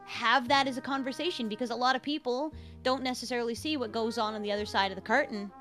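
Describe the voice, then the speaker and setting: A young woman talking casually on a stream, telling stories with animated, acted-out reactions. Her voice sits high and sounds bright and crisp. Faint music plays in the background. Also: quick pace. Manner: animated storyteller, acts out her own reactions. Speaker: VTuber guest.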